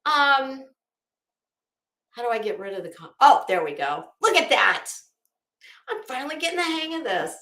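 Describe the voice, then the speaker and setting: A woman hosting a casual livestream. She talks to her chat in a sarcastic, chatty way and greets viewers by name. Her voice is high and bright, her pace is unhurried, and the room sounds echoey. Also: big pitch swings. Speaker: livestream host.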